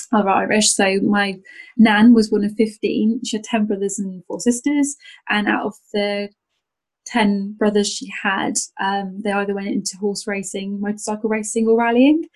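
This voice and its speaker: A woman's voice: medium pitch, darkish tone, rough recording. A young woman from North Wales, a rally driver co-hosting a podcast, talking in a chatty, enthusiastic way with frequent laughter. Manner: chatty and enthusiastic, many restarts and fillers, laughs often. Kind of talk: casual conversational interview.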